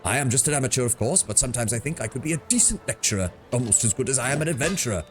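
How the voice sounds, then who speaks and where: A man's voice: medium pitch, lively intonation, rapid-fire, over music, pitched above the performer's own voice, natural voice. A man voicing a pompous, proud male mercenary captain with a put-on British accent and grand, boastful speech.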